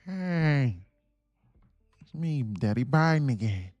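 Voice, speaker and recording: A man's voice: mid-range voice, sing-song, slow, darkish tone, no echo, muffled recording, soft background music, voice pushed up. A man putting on an impression of a rambling, stammering elderly male president who mangles names.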